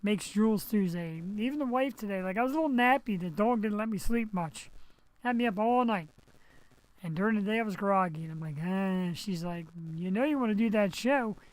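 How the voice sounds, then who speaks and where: A man's voice: high-pitched, fairly quick, low-quality recording. Guy hosting a live web show from home, rambly and chatty, cracks little jokes, on a headset mic, just post surgery. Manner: rambling, chatty, jokey asides. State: recovering from surgery. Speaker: host. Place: home setup, streaming.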